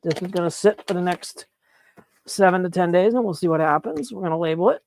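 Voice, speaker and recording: A man chatting excitedly on a live stream as he works on his mushroom grow, laughing and apologizing often. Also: high-pitched, fairly quick, vocal fry. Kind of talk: live-stream chat while working. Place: grow room, indoors.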